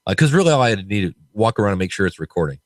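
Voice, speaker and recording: A man's voice: on the low side, very animated, racing, dry recording. A man hosting a podcast, chatting casually and telling stories with quoted voices. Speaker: podcast host.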